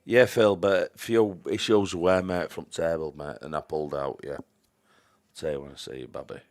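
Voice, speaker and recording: A man's voice: extremely low pitch, fairly even intonation, normal speed, darkish tone. A man giving chatty live-stream commentary on a pool match, greeting viewers by name and trailing off into mumbled asides.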